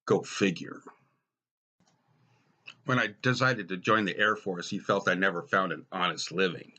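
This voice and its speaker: A middle-aged American man telling wry personal stories in a dry, deadpan stand-up style. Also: deep voice, measured pace. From United States. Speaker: storyteller.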